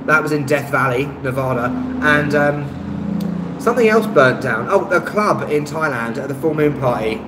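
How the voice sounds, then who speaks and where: A man from London with an Estuary English accent, chatting casually on a live stream and reading out viewers' comments. He rambles, with lots of ums and restarts, and pokes fun at himself. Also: mid-range voice. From London, England. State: tired, no rest. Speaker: travel vlogger on a live stream. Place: rented room indoors. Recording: echoey room with loud background noise and passing vehicles.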